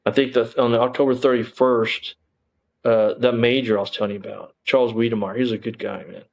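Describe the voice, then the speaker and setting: A man's voice: medium pitch, steady tone, brisk, vocal fry, low-quality recording. A man, a former police officer telling his story as an interview guest in a rambling way, full of restarts and fillers.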